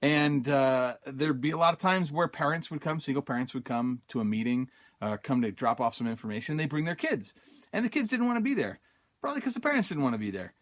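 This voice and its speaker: A man's voice: mid-range voice, expressive, a little fast. Guy from utah telling a story on his podcast, laid back, lots of ums, acts out what he was thinking. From Utah, USA. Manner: conversational, many fillers, acts out his own quoted thoughts. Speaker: podcast host. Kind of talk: casual storytelling monologue.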